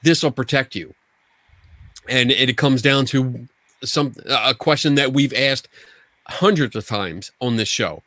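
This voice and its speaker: A man's voice: mid-range voice, a little slow, pushed and bright, no echo. Casual podcast co-host, a man who rambles and restarts his sentences, recorded dry and close. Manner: rambling, frequent restarts and profanity.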